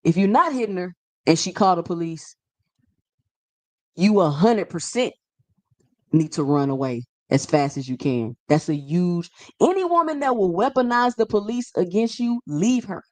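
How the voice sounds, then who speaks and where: Sassy animated woman ranting about boxing. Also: fairly low pitch, moderate pace, no echo. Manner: animated, sassy, slangy, repeats herself. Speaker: boxing commentary vlogger. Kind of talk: casual opinion monologue.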